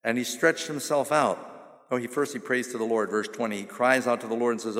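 A male pastor preaching a sermon, asking the audience questions and answering them himself, and slowing down to stress key phrases. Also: medium pitch, steady tone, fairly bright tone. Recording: long reverb of a large hall.

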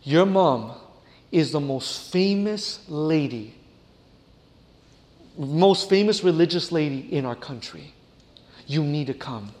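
Brief: preacher putting on a solemn, low-key missionary. Slow, hushed, hall echo. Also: male voice, lively intonation. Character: solemn African missionary man, grave and low.

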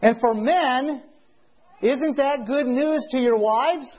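A man preaching a sermon to a congregation in a meeting. He speaks in slow, emphatic phrases, draws out key words, and keeps asking his listeners rhetorical questions. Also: very high voice. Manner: asks the audience rhetorical questions. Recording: dull lo-fi recording.

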